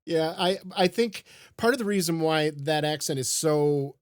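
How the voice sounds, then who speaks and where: A man's voice: a little high, normal speed, clean tone, no echo, clean studio sound. A man from the American Midwest, co-hosting a podcast in casual, rambling, jokey chat. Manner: rambling, jokey, self-correcting. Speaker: podcast co-host.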